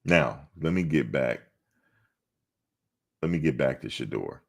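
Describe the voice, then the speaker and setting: A man with a very deep voice speaks animatedly but a little slowly. Hosting a sports livestream, he chats casually and teases viewers, answering back to those who comment.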